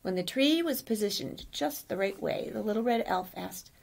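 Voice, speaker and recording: A woman reading a children's story aloud gently, pausing to ask the listener questions. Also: medium pitch, lively intonation, creaky.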